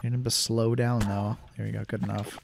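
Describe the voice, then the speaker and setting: A man's voice: on the low side, flat delivery, brisk, gravelly. A young man giving casual, rambling gameplay commentary, joking at his own expense and getting exasperated with the game. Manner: rambling, jokey, self-mocking, easily exasperated. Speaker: gaming YouTuber. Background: game background music.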